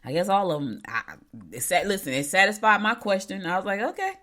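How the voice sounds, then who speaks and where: A woman's voice: mid-range voice, expressive, brisk, fairly bright tone. A middle-aged woman hosting a local show, telling stories in a rambling, chatty way. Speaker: local radio show host. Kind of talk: casual chat.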